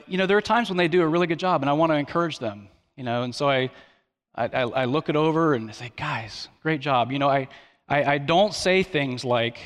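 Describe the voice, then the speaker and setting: A middle-aged man preaches to his congregation, talking in an easy, earnest way and slipping in light jokes between points. His voice sits at an ordinary pitch for a man. It rings out with the long reverb of a large hall. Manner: conversational and earnest, with light humor and repeated restarts. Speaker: pastor. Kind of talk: sermon.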